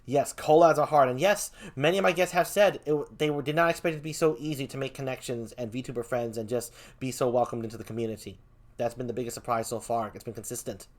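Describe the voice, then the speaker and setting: A man's voice: medium pitch, fast talker. A man hosting a casual livestream interview, chatty and upbeat, greeting viewers as he goes. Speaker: show host.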